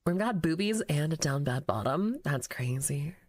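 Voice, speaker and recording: A young woman streaming a game live, chatting casually, laughing often and shouting playfully back at her chat. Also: low voice, expressive, moderate pace. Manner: giggly, playful, keeps yelling at chat.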